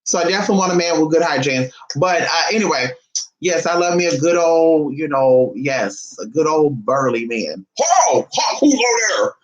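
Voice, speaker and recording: A woman vlogger in casual chat to camera, sassy and chatty, calling her listeners honey and swinging her voice between high and low. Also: moderate pace, lo-fi sound.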